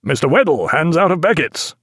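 A man's voice: medium pitch, very animated, measured pace, gravelly, no echo, clean studio sound, full character voice. A man voicing a genial sea captain addressing his crew in a hearty, commanding manner in an audiobook reading.

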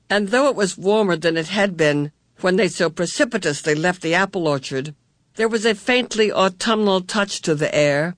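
A man narrating a novel as an audiobook reader, in clear, even storytelling. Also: on the high side, no echo, studio quality. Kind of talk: scripted narration.

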